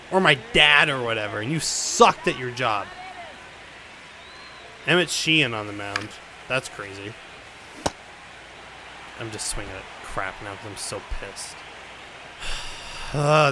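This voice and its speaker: A young man commenting on his own baseball video game play, venting frustration, swearing and swinging between loud outbursts and low mutters. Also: background noise. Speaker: gaming YouTuber.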